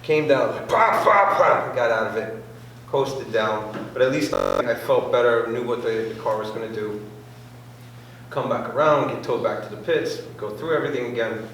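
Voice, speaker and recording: A man's voice: medium pitch, moderate pace. A man telling a casual racing anecdote to a club meeting, acting out quotes and sound effects as he goes. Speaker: club member sharing a racing story. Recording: very echoey room, voice far from mic, faint noise.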